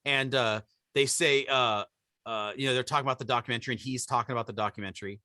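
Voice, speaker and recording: Bright-voiced man telling a story. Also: medium pitch, fast talker, dry recording, studio quality. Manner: animated storyteller, acts out quotes. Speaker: podcast co-host. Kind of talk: casual storytelling chat.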